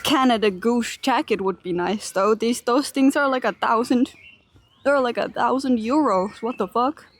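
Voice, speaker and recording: A woman's voice: on the high side, moderate pace, slight background noise. Chatty young woman from Finland, streaming. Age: young adult. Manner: chatty, laughs easily, talks to chat. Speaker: IRL streamer. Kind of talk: casual livestream chat while walking. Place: outdoors in a park. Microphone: handheld phone camera.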